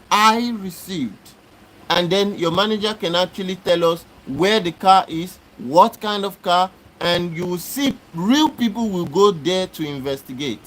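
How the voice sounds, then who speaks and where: A man's voice: fairly high pitch, a bit bright, a little hiss or hum, low-quality recording. A man hosting a live stream, arguing with commenters in a repetitive, exasperated lecturing way. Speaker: livestream host. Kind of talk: live-stream talk answering chat comments.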